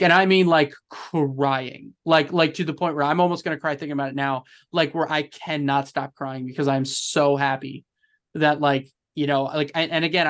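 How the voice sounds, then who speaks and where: A man's voice: a little high, a bit bright. A young adult man telling his story in an interview, rambling with many fillers and restarts, earnest and emotional. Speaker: podcast guest, film journalist.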